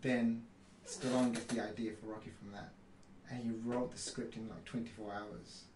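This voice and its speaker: A man telling a story in casual podcast chat, animated and full of fillers. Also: medium pitch, moderate pace, recorded from a distance. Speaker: podcast co-host. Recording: roomy room, faint noise.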